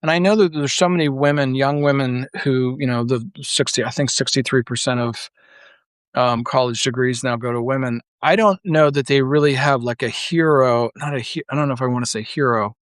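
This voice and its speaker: A man's voice: medium pitch, brisk, no echo. A man giving a casual monologue as a political commentator, rambling and blunt, full of filler words and restarts. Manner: blunt and profane.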